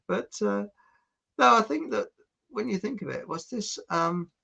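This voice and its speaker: A man's voice: sits high, animated, unhurried, vocal fry, sharp tone. An English man hosting a casual podcast chat, telling rambling anecdotes and laughing often. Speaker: podcast host.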